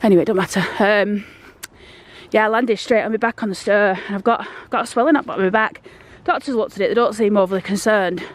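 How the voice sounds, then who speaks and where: A woman vlogger with a medium-pitched voice talks a little fast as she walks through town, filming on a handheld phone. Out of breath, she rambles in a casual, down-to-earth walk-and-talk vlog.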